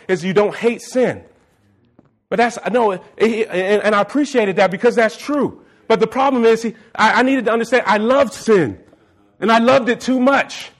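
A man preaching a sermon with impassioned, at times shouting delivery. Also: very high-pitched. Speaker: pastor.

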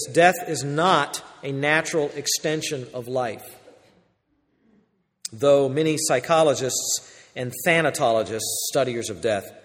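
A pastor preaching a sermon, shifting between loud, urgent exhortation and quiet, intimate passages. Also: male voice, medium pitch, long reverb tail.

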